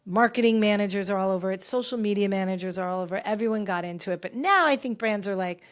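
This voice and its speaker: A woman's voice: medium pitch, fast. Chatty, candid woman podcast host. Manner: chatty, candid, rambling with restarts. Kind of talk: casual pop culture chat. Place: home filming set.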